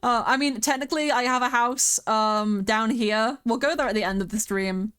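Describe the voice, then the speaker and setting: A woman's voice: a little high, normal speed, fairly bright tone, smooth. A young British woman streaming a game, chatting casually, rambling and giggling as she talks. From Britain. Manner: sings along to music at times.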